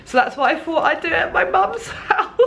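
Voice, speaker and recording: A woman's voice: extremely high pitch, animated, normal speed, vocal fry, bright, forceful tone. A young woman, a sewing vlogger, chatting casually at her parents' house with plenty of ums and restarts. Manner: chatty, rambling, lots of fillers. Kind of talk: casual chat.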